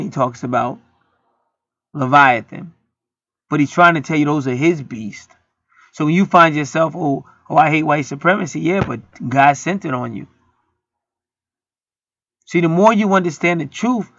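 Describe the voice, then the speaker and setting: High gravelly dude preaching off the cuff, aave, cussing a lot, dry dull recording. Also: male voice, a bit bright, dry recording. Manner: profane, heated, rants and acts out quotes. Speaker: internet preacher. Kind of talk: street-style preaching monologue.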